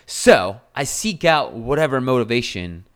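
A man's voice: medium pitch, big pitch swings, measured pace. A man hosting a solo podcast as a health coach, talking bluntly and casually with swearing and fillers.

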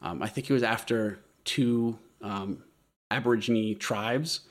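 A man's voice: lowish voice, unhurried. A man presenting a history topic in a casual podcast chat, explaining with many hesitant fillers.

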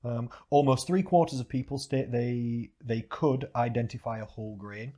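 A man who hosts a fitness podcast and works as a coach, speaking at an ordinary middle pitch. He chats in a relaxed, easygoing way and reads passages from articles between remarks. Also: normal speed. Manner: relaxed, chatty, laughs often. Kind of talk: casual chat.

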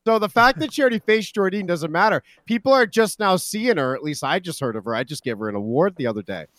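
Loud mouthy guy on a wrestling podcast, high voice, swings all over, dry sound. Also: expressive, quick pace, no room sound. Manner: brash, profane, trash-talking. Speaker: podcast co-host. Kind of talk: casual wrestling chat.

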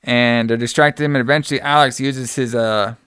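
A man's voice: medium pitch, fairly even intonation, a little fast, a bit bright, clear, resonant tone, no echo, clean studio sound. Rambling profane male podcast host. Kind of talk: casual movie recap.

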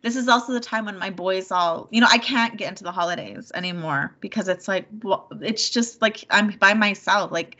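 A woman talks openly in a personal conversation, her voice bright and forward. She stumbles and repeats herself, leaning on "like" and "you know." The sound is a little dull and lo-fi. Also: medium pitch. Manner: halting, repeats words, many "like" and "you know". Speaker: mother sharing personal struggles.

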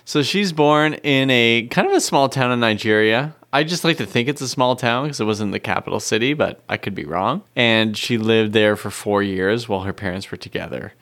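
A man's voice: mid-range voice, moderate pace, few pauses, fairly bright tone. A man co-hosting a casual podcast chat, playful and teasing, laughing often. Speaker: podcast co-host.

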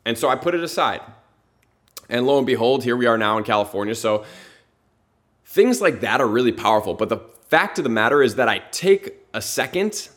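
Male motivational podcast host, earnest and conversational, stacks rhetorical questions, mid-pitched voice. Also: expressive, a little fast, fairly bright tone.

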